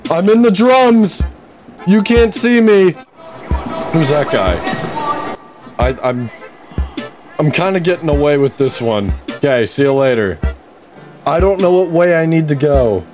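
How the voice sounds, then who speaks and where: Excitable young man narrating gameplay. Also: fairly high pitch, a little slow, long pauses, music in the background. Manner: excitable, swearing, bursts of laughter. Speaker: gaming YouTuber. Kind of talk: casual gameplay commentary.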